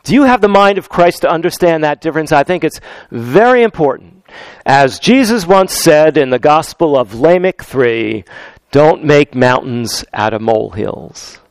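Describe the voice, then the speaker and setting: A man preaching a sermon in a church, unhurried and talking straight to his congregation, repeating key phrases for emphasis. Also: a little high, animated, clean tone, dry recording. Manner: addresses congregation directly.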